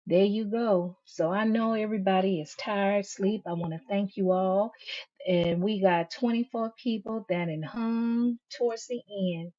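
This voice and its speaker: A woman's voice: mid-range voice, fairly even intonation, unhurried, dark tone. A woman hosting a live stream, reading viewers' comments aloud and answering them in a sassy, emphatic way. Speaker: channel host. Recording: dull lo-fi stream audio.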